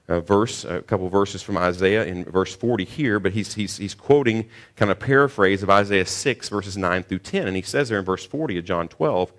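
A man's voice: low-pitched, a bit bright. A male pastor preaching a sermon on a scripture passage, earnest, often stumbling and repeating words before pushing to emphatic questions.

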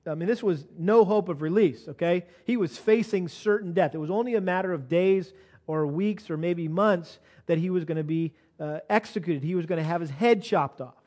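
High-voiced man preaching a sermon. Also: moderate pace, a little mellow. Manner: storytelling, many restarts, rising to emphatic exhortation. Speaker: pastor. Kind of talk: sermon with personal anecdote.

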